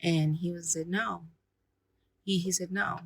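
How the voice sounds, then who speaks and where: A woman, a paranormal investigator, recounting an experience in halting speech full of fillers and restarts. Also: lowish voice, fairly even intonation, creaky, breathy edge, dry recording, rough recording.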